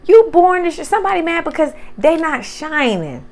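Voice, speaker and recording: A woman doing a casual tarot reading, profane and animated, talking straight to her viewers. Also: very high voice, normal speed. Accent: Southern US. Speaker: tarot reader.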